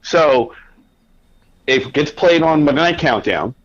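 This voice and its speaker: A man, a podcast guest, telling a casual anecdote with lively quoted asides. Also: a little high, takes it slowly. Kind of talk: casual storytelling. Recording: dull lo-fi audio.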